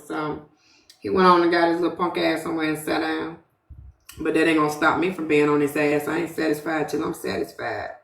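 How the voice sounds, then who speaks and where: A woman's voice: low-pitched, vocal fry, a bit bright. Woman guest, heated and profane, roomy distant phone sound. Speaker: guest in a live audio chat room. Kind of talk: casual live-stream chat.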